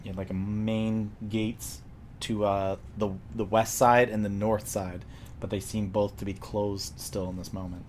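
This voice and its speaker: A man narrating a tabletop role-playing game as game master, describing scenes in a relaxed way with fillers. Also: lowish voice, a little slow, slight background noise.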